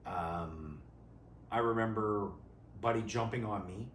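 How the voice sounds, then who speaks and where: A Canadian man co-hosting a casual chat, an animated storyteller who is quick to laugh. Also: lowish voice, recorded from a distance. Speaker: co-host and athlete. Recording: echoey garage, voice a little off-mic, faint noise.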